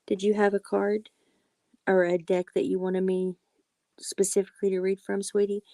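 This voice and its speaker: A woman reading oracle cards on a live stream, talking softly and affectionately to viewers and often apologizing. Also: medium pitch, level tone, moderate pace, dry recording. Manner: soft-spoken, affectionate, calls viewers sweetie and honey; apologetic and reassuring. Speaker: livestream tarot and oracle card reader.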